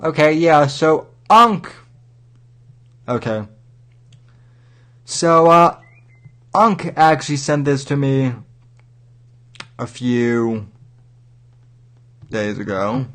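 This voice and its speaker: A man hosting a livestream, giving rambling, wry commentary and halting with many restarts. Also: mid-range voice, a bit bright. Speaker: livestream host.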